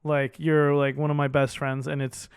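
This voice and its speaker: A man co-hosting a movie podcast, talking casually and excitedly, peppering his speech with "like" and the odd swear. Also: on the high side, moderate pace, clear, resonant tone, no room sound, studio quality. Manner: animated, heavy use of "like", swears casually. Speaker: podcast co-host.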